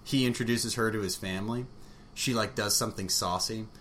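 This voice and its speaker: A man in casual, frank conversation about a book, rambling with fillers and quick laughs. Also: fairly low pitch, fairly even intonation, a bit bright. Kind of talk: casual chat about books. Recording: faint background noise.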